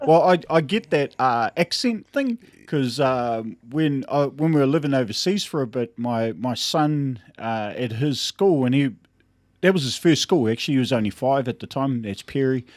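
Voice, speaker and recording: A man with a New Zealand accent hosting a casual podcast, relaxed and encouraging, often saying bro. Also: mid-range voice, moderate pace, no room sound, studio quality. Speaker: podcast host. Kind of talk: casual interview chat.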